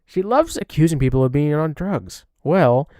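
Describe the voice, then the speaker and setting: A man's voice: a little high, animated, moderate pace, mellow, no echo, clean studio sound. A man giving reaction commentary, mocking and profane, talking over clips he plays. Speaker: commentary streamer.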